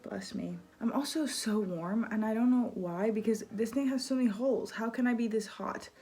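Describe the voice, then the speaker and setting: A woman's voice: a little high, normal speed. Chatty young woman rambling through a book review into her phone camera at home, bubbly and all over the place. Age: young adult. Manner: rambling and bubbly, with lively asides. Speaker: book vlogger. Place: indoors at home.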